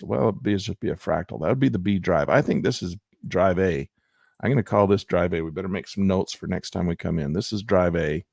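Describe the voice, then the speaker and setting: A man with a low, gravelly voice walks through his stock trades in casual commentary, rambling and folksy. His pitch swings widely as he talks, often half to himself. The sound is dry and close. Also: a little mellow, no room sound. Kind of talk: casual commentary over trading charts.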